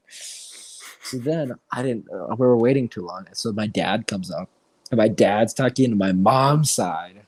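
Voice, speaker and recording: Animated young man telling a story. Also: fairly low pitch, a little slow, husky, no room sound. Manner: animated storyteller, swears freely. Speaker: co-host. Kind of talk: casual podcast chat.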